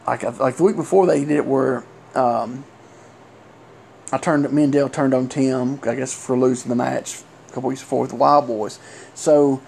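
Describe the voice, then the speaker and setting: A middle-aged man, a former wrestler telling an old story casually, halting and rambling with many fillers. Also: mid-range voice, steady tone, creaky, darkish tone, a little hiss or hum.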